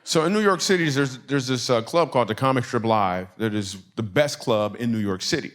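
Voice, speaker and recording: A man from Michigan doing stand-up storytelling in a church, animated and conversational, laughing through his punchlines. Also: medium pitch, fairly quick. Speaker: comedian.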